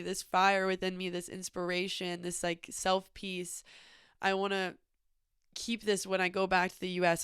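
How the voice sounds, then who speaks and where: A woman's voice: on the low side, smooth, no echo, studio quality. A young woman telling a personal travel story in a casual, chatty way, full of fillers. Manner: chatty, many "like" fillers, animated retelling. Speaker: podcast host.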